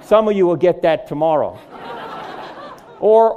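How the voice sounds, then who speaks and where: A man's voice: sits high, expressive, measured pace, warm tone, a faint crowd. A middle-aged man giving a humorous lecture on apologetics to a live audience, delivering jokes and punchlines. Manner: joking, punchline-driven delivery. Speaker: Christian apologetics speaker.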